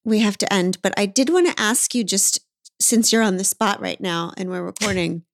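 A woman's voice: medium pitch, moderate pace, gravelly, no echo. Dry-sounding woman podcast host. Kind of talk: casual podcast interview.

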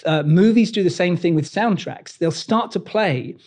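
British man, body language coach, mellow voice, slightly high pitch, animated interview talk. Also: moderate pace. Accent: British English. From Britain. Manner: animated, acts out quoted lines. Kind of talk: conversational interview.

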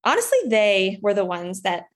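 A young woman chats openly as a podcast guest, her voice sitting at an everyday middle pitch. She tells her story in loose, candid bursts and jumps higher whenever she acts out what she once said. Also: very animated, normal speed. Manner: candid and chatty, acts out past dialogue in a higher voice. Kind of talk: casual chat.

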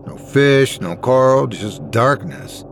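A man voicing a nervous young male diver who turns bitter and snappish when he is scared. His lines come panicky and clipped, pitched a little higher than the narration. This is a read-aloud horror tale. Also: lively intonation, slow, creaky, a little hiss or hum.

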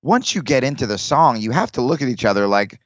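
A comedian guest talking in casual podcast chat, rambling with restarts and acting out quoted lines. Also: male voice, mid-range voice, very animated, brisk, no room sound, highs cut off.

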